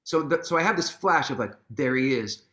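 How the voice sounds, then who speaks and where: A man telling a long anecdote in an onstage conversation, casual and profane, acting out what people said with sudden jumps in his voice. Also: brisk. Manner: animated storyteller, acts out quotes with big pitch jumps; casual, swears freely, restarts sentences. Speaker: guest, musician and author.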